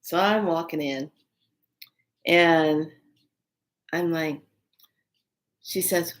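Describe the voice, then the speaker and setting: A woman vlogger telling a story casually to camera, animated and exclaiming, with frequent fillers. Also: low-pitched, very slow, pauses often. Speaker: spiritual vlogger.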